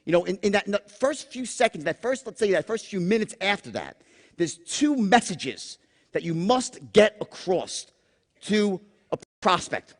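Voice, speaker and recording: Man, sales seminar speaker, very expressive pitch, acts out tones, long room reverb. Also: moderate pace. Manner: animated, profane, acts out tones with sudden whispers. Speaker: sales trainer. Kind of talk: live seminar talk.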